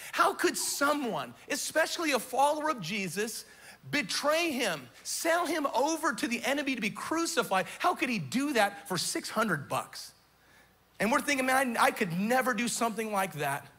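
A man's voice: extremely high pitch, sharp tone. A male pastor preaching a sermon with emphatic repetition and rhetorical questions.

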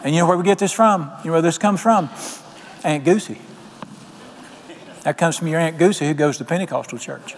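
A man on the high side, speaking a little fast but with long pauses, preaches as pastor in a folksy storytelling way. His sermon mixes homespun tales, quotes delivered in character voices, and questions to the congregation, all under a long hall reverb.

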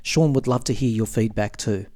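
A man's voice: lowish voice, normal speed, a little mellow, no echo. Australian man hosting an interview, dry sound. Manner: friendly, probing questions. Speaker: podcast host.

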